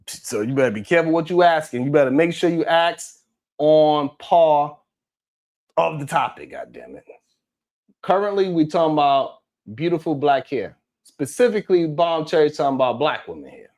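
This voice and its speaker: A man's voice: a little high, sing-song, normal speed, a little mellow. A man hosting a live stream, reading the chat and talking in a blunt, heated, profane way.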